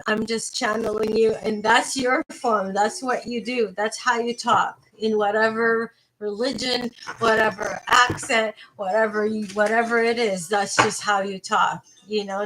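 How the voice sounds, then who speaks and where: A woman's voice: medium pitch, fairly bright tone, slight background noise, low-quality recording. A woman giving a live tarot reading, talking to her viewers in a rambling, playful, casual way and swearing now and then. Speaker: tarot reader.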